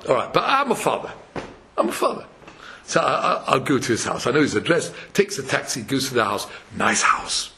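A man giving a Torah sermon, chanting verses and acting out parables with frequent chuckles. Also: on the high side. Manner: animated, chants verses, acts out quotes, chuckles often. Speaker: Torah lecturer.

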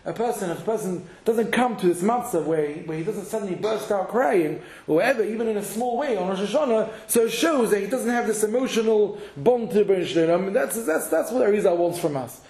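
In a reverberant, echoey room, a Torah teacher teaches halacha briskly and expressively, his fairly high voice carrying a darkish tone. He reasons aloud with many restarts and repeated words, and weaves Hebrew and Yiddish into his speech.

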